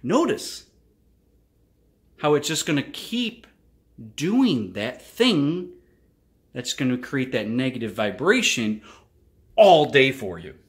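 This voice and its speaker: A man hosting his own channel, giving a casual motivational monologue, animated and swearing freely as he acts out frustrated outbursts. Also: mid-range voice, slow pace. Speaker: channel host.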